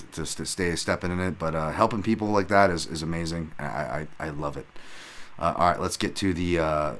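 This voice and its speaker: A man with a fairly low voice hosts a casual solo podcast, talking through fight results in a loose, rambling way. He keeps up a steady stream of fillers and restarts. When he retells a story, he acts out the excited shouts. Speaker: podcast host and MMA analyst.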